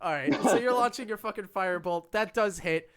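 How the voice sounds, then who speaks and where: A man's voice: high-pitched, fairly quick, a bit bright, smooth, dry recording, clean studio sound. A man running a tabletop game as game master, narrating and laughing often.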